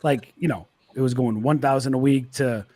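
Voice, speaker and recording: A man's voice: medium pitch, normal speed, dark tone. A man speaking as a guest on a livestream, telling a story casually and quoting his own past thoughts. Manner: storytelling with quoted asides.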